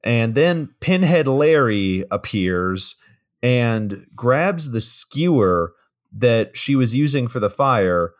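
A man's voice: medium pitch, expressive, takes it slowly. A man from Georgia co-hosting a casual film-review chat, wryly recapping scenes and joking as he goes. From Georgia, USA. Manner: wry, recapping scenes with jokes. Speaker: podcast co-host.

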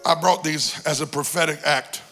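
A man preaching a sermon as a guest bishop in a church, exhorting and shouting, with big swings between loud cries and quiet talk. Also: fairly high pitch, steady tone, normal speed, faint music behind. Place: church sanctuary.

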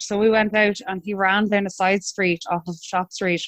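A young Irish woman in her twenties, telling her own story in a relaxed, chatty way with hesitant restarts. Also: mid-range voice, normal speed, no room sound. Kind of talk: conversational storytelling.

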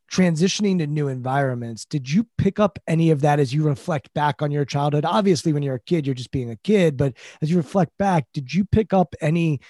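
Podcast host with a dry, close voice. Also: male voice, fairly high pitch, warm tone, no room sound. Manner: reflective, measured questions. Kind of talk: podcast interview.

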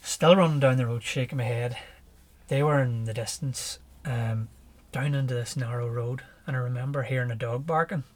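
A man with a Northern Irish accent, a podcast guest telling his story in a relaxed, lively way and chuckling as he goes. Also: medium pitch, normal speed. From Northern Ireland. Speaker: podcast guest, ultra runner. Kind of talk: casual storytelling.

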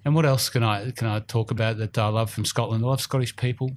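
A man's voice: mid-range voice, steady tone, fast, slight background noise. A man with an Australian accent hosting a golf podcast in casual, rambling chat, a bit self-deprecating. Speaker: podcast host. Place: studio room.

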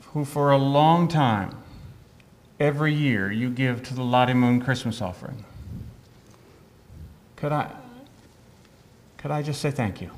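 A middle-aged man, a missionary doctor, preaching an earnest sermon. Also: medium pitch.

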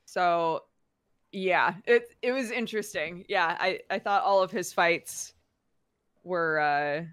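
A young woman hosting a chatty manga podcast, with a lowish voice and an unhurried pace. She is animated and laughs easily, and she swears freely. The close, dry sound is in keeping with a home setup. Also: smooth, no echo. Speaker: podcast host. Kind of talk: casual chat.

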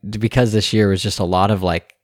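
A man's voice: on the low side, a little fast, no room sound, studio quality. A man co-hosting a family podcast, chatting casually and animatedly with lots of fillers and restarts. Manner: rambling, many fillers and restarts; animated storyteller. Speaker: podcast co-host. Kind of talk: casual chat.

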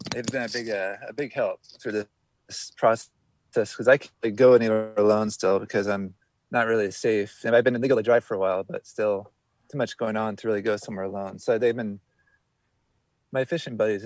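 A man chatting casually as a guest, rambling and often trailing off and restarting. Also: on the low side. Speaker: guest angler. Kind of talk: casual podcast chat.

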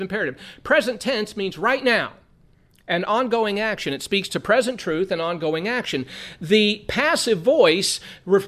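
A man's voice: high-pitched, a bit bright. A man from Southern California teaching an earnest Bible study lesson, repeating phrases for emphasis.

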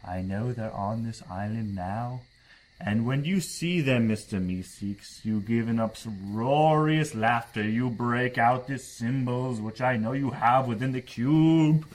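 A man playing a tabletop game, speaking in character with a slow, grave, pleading manner. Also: mid-range voice, low-quality recording. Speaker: player.

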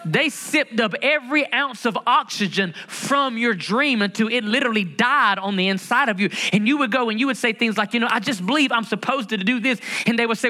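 Man preaching, high voice, emphatic repetition, questions to the crowd. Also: lively intonation, brisk, hardly any pauses, pushed and bright. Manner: emphatic preaching, repeats key phrases, asks the congregation questions. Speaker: pastor. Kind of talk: sermon.

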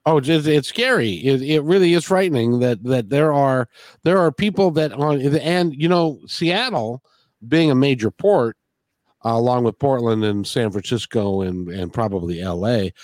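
A man hosting a casual interview, talking in a halting way and repeating his words often. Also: mid-range voice, a little mellow, no echo. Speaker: podcast host.

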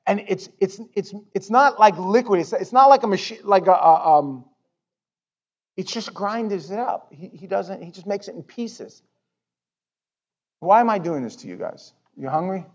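A male pastor preaching a sermon in a church, talking in an animated, conversational way and often repeating words. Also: sits high, normal speed, highs cut off. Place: church sanctuary.

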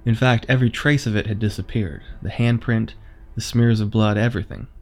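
Male horror narrator, measured, suspenseful delivery. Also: on the low side, fairly even intonation, a little mellow, faint music behind.

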